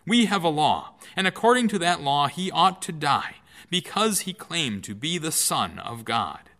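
A man voicing an angry shouting crowd. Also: a little high, big pitch swings, a little slow, long reverb tail, pitched above the performer's own voice, heavily acted. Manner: loud, forceful demands.

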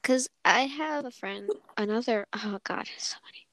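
Giggly, rambling young woman, high voice. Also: normal speed, a bit bright, no room sound, low-quality recording. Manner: giggly, rambling, self-interrupting. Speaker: podcast co-host. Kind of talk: casual chat.

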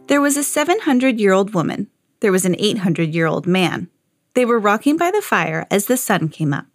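Woman, mom reading aloud, children's story, sing-song, lively pitch, dry close sound. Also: normal speed, no room sound. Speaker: mother reading aloud, podcast host.

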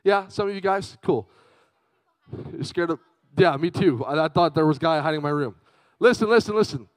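A young man preaching to a youth group with a fairly high voice, swapping between storytelling and shout-outs to the crowd. His delivery is chatty and lively, and the sound is close and dry with little room echo. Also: a little fast. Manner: lively, chatty, calls out to the audience. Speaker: youth speaker. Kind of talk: youth sermon with personal storytelling.

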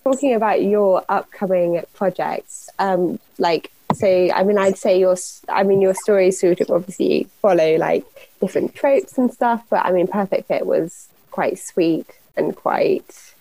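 A woman's voice: mid-range voice, measured pace, mellow, poor audio. A woman hosting a podcast, chatting and laughing as she asks follow-up questions. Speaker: podcast host. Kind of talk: casual interview chat.

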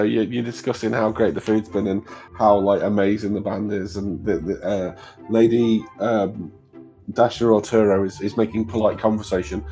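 A man's voice: lowish voice, dark tone. A man narrating a tabletop game as game master, casual, laughing often and swearing freely.

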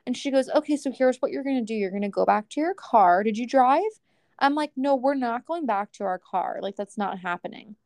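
Brisk and lively in intonation, her fairly high voice carries a slightly mellow quality and no echo. As a podcast co-host in casual chat, she tells ranting stories, quotes people, and laughs often.

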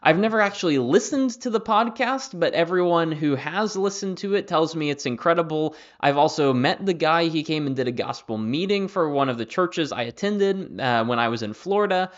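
A young man hosting a Bible study podcast, talking in a relaxed, conversational way with plenty of fillers and restarts. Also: on the high side, normal speed, few pauses. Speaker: Bible teacher and podcast host. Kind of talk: casual Bible study talk. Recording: slightly dull lo-fi audio.

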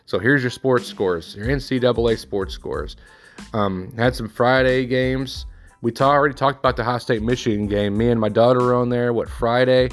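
Casting note: thirty-something man, relaxed sports recap host, rambling and offhand, faint music behind. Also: medium pitch, moderate pace. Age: 30s. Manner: offhand, rambling score rundown with personal asides.

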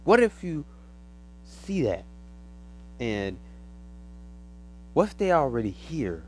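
A man's voice: medium pitch, very animated, slow pace, a little hiss or hum, poor audio. A man hosting his own podcast, telling a loose story in casual slang. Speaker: podcast host. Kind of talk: casual solo monologue.

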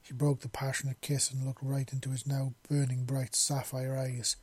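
A man's voice: medium pitch, monotone, moderate pace, darkish tone, breathy edge. A man reading a romance story aloud, with small slips and restarts. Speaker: narrator. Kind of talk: amateur fiction reading.

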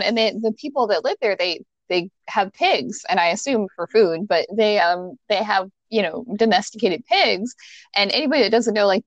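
A woman's voice: mid-range voice, no room sound, muffled recording. A young adult woman co-hosting a podcast, telling a story in casual chat with lots of fillers and the odd swear word. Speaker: podcast co-host.

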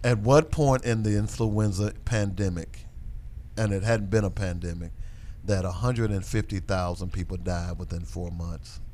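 A man co-hosting a talk show, ranting in exasperation and rising to near-shouts. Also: low voice, steady tone, normal speed, slight background noise. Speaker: co-host. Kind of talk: heated casual chat.

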